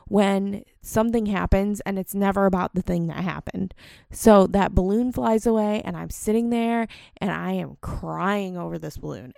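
A young woman with a gravelly, creaky voice, recorded close and dry with no room sound. She tells a personal story in a loose, rambling way. She is candid and laughs at her own faults as a mom. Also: mid-range voice, mellow, no room sound. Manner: rambling, candid, self-deprecating. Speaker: mom vlogger.

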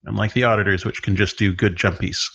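A man with a fairly low voice narrates as the game master of a tabletop game. He describes the action at an easy, unhurried pace, with plenty of "uh"s along the way. The recording sounds dull and lo-fi. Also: steady tone, vocal fry, a bit bright. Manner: unhurried, descriptive, with filler words.

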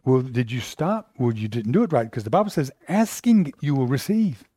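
A man preaching a sermon to a congregation, telling Bible stories with animated delivery and acting out quoted voices. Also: mid-range voice, normal speed, husky, no echo, clean studio sound.

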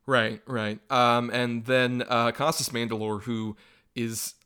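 A man's voice: mid-range voice, little pitch movement, slow pace, pushed and bright, smooth. A man co-hosting a podcast, reviewing a film in loose, rambling casual chat with a lot of laughter. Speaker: podcast co-host.

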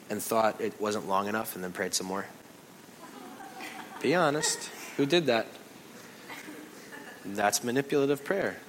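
A male pastor preaching a sermon in an animated way, acting out other people's voices and reactions. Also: a little high, poor audio.

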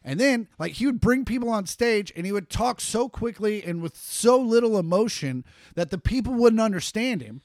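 A man's voice: high-pitched, animated, normal speed, hardly any pauses, darkish tone, no echo, studio quality. A man co-hosting a casual podcast, telling rambling, mocking stories with a good deal of swearing. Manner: laid-back storytelling, swearing, mocking. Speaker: podcast co-host. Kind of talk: casual chat.

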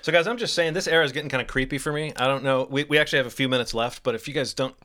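A man in his forties rambles through casual podcast chat, poking fun at himself. His voice has a bright, forward ring. He talks like one of the regular hosts of the show. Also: medium pitch, racing. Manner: jokey, rambling, self-mocking. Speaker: podcast co-host.

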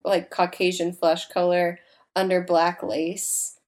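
A young woman in casual chat, retelling a film scene by scene with lively acted-out lines and casual swearing. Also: on the low side, slow pace. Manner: animated, acts out characters, swears freely.

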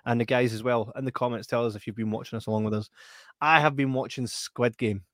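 A man's voice: mid-range voice, fast talker, no room sound. Guy cohosting a stream, chatty, laughs lots, dry sound. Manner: lively, laughs often, reads out comments. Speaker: co-host of a live stream. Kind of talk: casual chat.

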